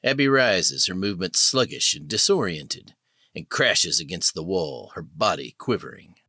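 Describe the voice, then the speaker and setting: A man narrates an audiobook in a measured, descriptive way. His voice is very low yet moves expressively, with a bright, forceful edge. The recording is dry and close. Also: lively intonation, husky, no echo.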